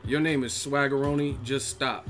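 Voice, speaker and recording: Guy ranting on his boxing live stream, cussing a lot, roasting ppl in chat, bit of music low in the back. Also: fairly even intonation, normal speed, a bit bright. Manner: profane, mocking ranting. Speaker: boxing channel host.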